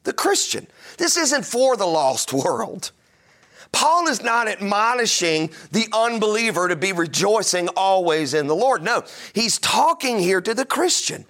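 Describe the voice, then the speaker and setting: A man's voice: sits high, very animated, unhurried, a bit bright. A middle-aged man preaching a sermon, emphatic and full of rhetorical questions. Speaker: pastor.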